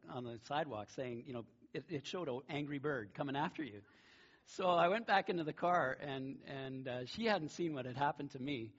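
A man's voice: fairly high pitch, breathy edge, dull audio. A middle-aged man preaching a sermon, telling stories in a conversational way and laughing now and then. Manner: conversational storytelling with a warm laugh. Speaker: pastor.

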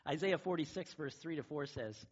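Husky-voiced man preaching conversationally. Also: fairly high pitch, animated, moderate pace, lo-fi sound. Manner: conversational storytelling with a warm laugh. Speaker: pastor. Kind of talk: sermon.

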